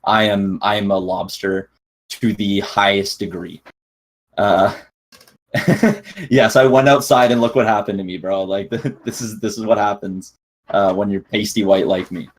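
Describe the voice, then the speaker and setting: Husky-voiced man, joking podcast co-host. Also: fairly low pitch, fairly even intonation, measured pace. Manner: upbeat, joking, laughs easily. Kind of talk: casual podcast chat.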